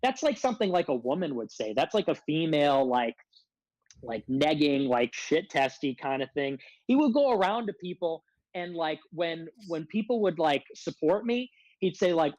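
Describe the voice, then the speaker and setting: A man's voice: a little high, big pitch swings, normal speed, a little mellow, no room sound, poor audio. A man speaking as a podcast guest in casual conversation. He rants in an aggrieved, rambling way and fills nearly every phrase with "like.". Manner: rambling aggrieved rant, heavy use of filler "like".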